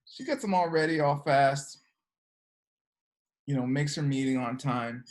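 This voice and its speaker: A woman's voice: rumbling low, unhurried, a little mellow. A woman teaching a class, telling a story and checking in with her students with frequent "okay?" questions. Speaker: teacher of an energy work class.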